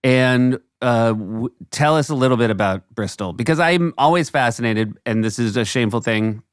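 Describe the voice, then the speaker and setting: A man's voice: mid-range voice, normal speed, no echo, clean studio sound. An American man co-hosting a podcast, asking curious questions and laughing easily. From United States. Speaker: podcast co-host. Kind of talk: casual chat.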